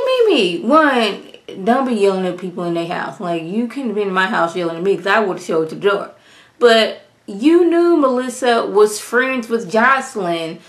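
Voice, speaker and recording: A woman reviewing a reality show in a casual vlog, talking straight to her viewers in an animated way and mimicking the cast now and then. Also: fairly high pitch. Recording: roomy echo.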